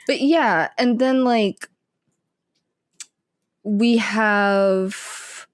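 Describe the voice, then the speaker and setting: A woman's voice: medium pitch, no echo, studio quality. A woman co-hosting a podcast, chatting casually about a TV series and briefly acting out characters' lines. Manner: chatty, acts out characters' lines in quick impressions. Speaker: podcast co-host. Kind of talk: casual chat recapping a TV series.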